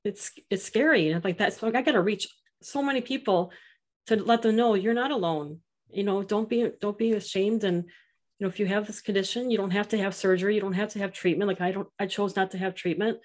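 A middle-aged woman talking earnestly as a podcast guest, telling stories and quoting others in an animated way. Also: mid-range voice, fairly quick. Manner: earnest, animated storytelling with quoted voices. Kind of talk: casual interview chat.

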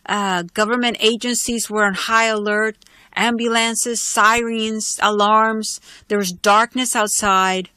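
A woman's voice: fairly high pitch, steady tone, slow, pushed and bright, clean tone, dry recording. A woman host solemnly and earnestly telling a personal religious testimony. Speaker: Christian podcast host.

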